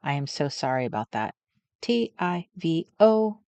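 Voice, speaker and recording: A chatty woman hosts a casual crafting livestream from a desk setup with an overhead camera, musing aloud and greeting viewers by name. Her voice sits low with a dark tone and big pitch swings, at a measured pace, with no room sound.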